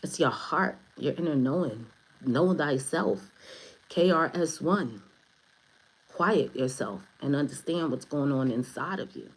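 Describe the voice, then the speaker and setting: A woman with a low-pitched voice gives a casual spiritual reading to her audience. She rambles from thought to thought, swearing offhandedly and laughing at her own humor. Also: lively intonation, unhurried, breathy edge, poor audio. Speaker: spiritual advisor, tarot reader.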